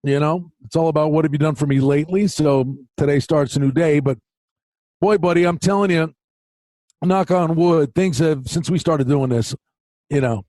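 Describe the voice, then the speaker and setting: Excitable man hosting a betting podcast. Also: on the high side, moderate pace, no room sound. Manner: excitable storyteller, animated retellings. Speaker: podcast co-host. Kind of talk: casual sports betting chat.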